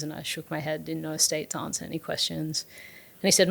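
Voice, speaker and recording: Low, gravelly woman recounting her past. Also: monotone, fairly quick, a bit bright. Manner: earnest and open, with frequent fillers and restarts. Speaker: guest, startup founder. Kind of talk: reflective storytelling in an interview.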